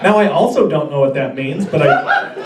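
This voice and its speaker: With heavy background noise and audience laughter, a young man in his twenties does a rambling, self-deprecating stand-up set on a club stage, restarting in stammers. His a-little-high voice is expressive and moderately paced. The club audio is roomy and recorded from far off, crowd included.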